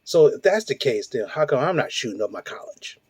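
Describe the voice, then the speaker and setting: On his own show, a host in his forties launches into a blunt, profane, heated rant stuffed with rhetorical questions. His medium-pitched voice is very animated, brisk, a little mellow and slightly rough. The recording is dry.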